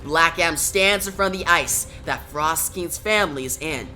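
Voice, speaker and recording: A woman reviewer recounts a comic book's action step by step. Her voice sits a little low and has a bright, forceful tone. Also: normal speed, faint music behind. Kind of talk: reading and narrating a comic aloud.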